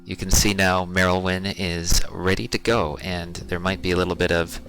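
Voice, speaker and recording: Low-voiced man streaming his own game. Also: moderate pace. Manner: relaxed, chatty, with fillers. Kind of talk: casual let's-play commentary. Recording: clear music behind the voice. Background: music.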